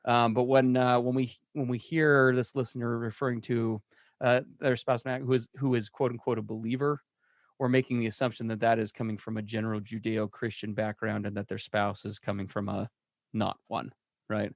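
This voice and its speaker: A podcast co-host talks in a casual, upbeat, joking way, sometimes sounding like a radio DJ with an energetic, jokey radio-style intro. His voice is medium-pitched at a moderate pace, recorded at studio quality with no echo.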